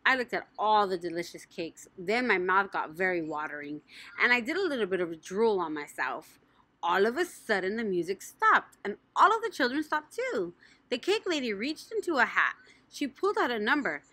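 A woman narrating a children's audiobook in an animated, playful way. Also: mid-range voice, normal speed, no room sound. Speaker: audiobook reader.

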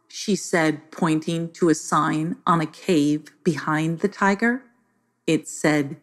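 Slow, lively children's storyteller woman. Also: low voice. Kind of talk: scripted narration for children.

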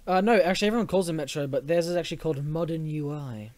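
A man's voice: fairly high pitch, racing, darkish tone, no echo. A young man with an Australian accent hosting a live stream, joking and laughing often. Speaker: stream host. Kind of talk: casual live-stream chat.

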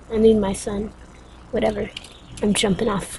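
A woman's voice: medium pitch, level tone, moderate pace, vocal fry, long pauses, background noise. A woman giving let's play commentary, rambling and mocking herself, with sudden yelps and screams. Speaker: game player.

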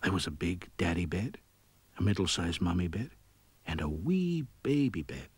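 A man reading a fairy tale aloud as an expressive storyteller, sometimes sinking to a whisper. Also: deep voice, normal speed, soft background music. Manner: lively, expressive, dropping to a whisper at quiet moments. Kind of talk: scripted storybook narration.

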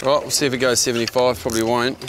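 A man's voice: mid-range voice, flat delivery, racing, noisy background. A man with a New Zealand accent hosting a fishing show, coaching anglers on a small boat outdoors in a laid-back, matey way. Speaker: fishing show host and skipper.

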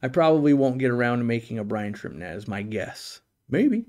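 A middle-aged live stream host takes viewer questions in a casual Q&A, answering bluntly and with strong opinions while rambling and restarting often. His mid-range voice has lively intonation and a darkish tone, and he talks a little fast.

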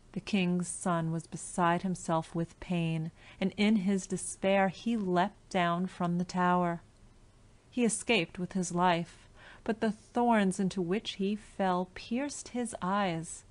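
A woman reads a fairy tale aloud for an audiobook, taking her time over every phrase. Her voice sits somewhat low for a woman. The delivery stays clear and scripted throughout. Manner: slow, clear storytelling delivery. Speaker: audiobook narrator.

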